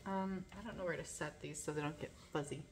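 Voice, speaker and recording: A woman's voice: sits low, fairly even intonation, quick pace, very noisy. A woman chatting casually while unboxing, gushing with breathless exclamations and laughter. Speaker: vlogger. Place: living in a garage.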